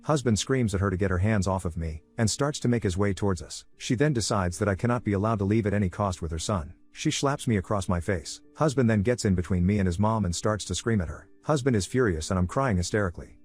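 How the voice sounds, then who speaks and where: Male narrator, lowish voice, quick steady read, faint music bed underneath. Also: husky. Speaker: story narrator. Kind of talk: scripted narration of an online story.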